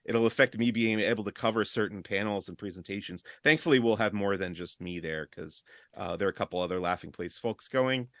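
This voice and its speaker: A man chatting casually as a podcast guest, easygoing and quick to laugh. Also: lowish voice, fairly bright tone, dry recording, clean studio sound. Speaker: podcast guest, entertainment reporter. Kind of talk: casual chat.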